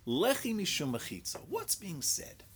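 A man's voice: high-pitched, huge pitch swings, normal speed, fairly bright tone, slight background noise. A man teaching a Talmud lecture. He mixes English with Hebrew and Aramaic study terms and thinks aloud in rhetorical questions, often repeating words.

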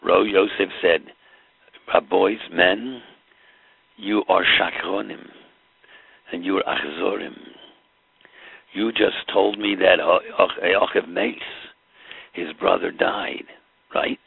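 A rabbi retells a biblical scene with dramatic emphasis. His voice is low and heavily gravelly. It comes across dry and tinny, as if over a phone line. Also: fairly even intonation, slow, pauses often, no room sound. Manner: dramatic storytelling, acts out the scene. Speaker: rabbi teaching Torah. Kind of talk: Torah lecture mixing Hebrew and Yiddish terms.

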